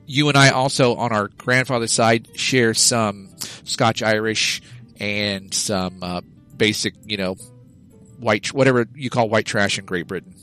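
A man's voice: lowish voice, unhurried, bright, forceful tone, soft background music, rough recording. A man hosting a podcast, telling stories in a wry, casual way. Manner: wry, storytelling. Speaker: podcast host.

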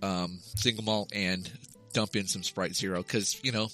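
A man's voice: deep voice, fairly even intonation, normal speed, pushed and bright, faint music behind. A man co-hosting a casual podcast, a bit tipsy from drinking, jokey and profane, going off on riffs. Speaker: podcast co-host.

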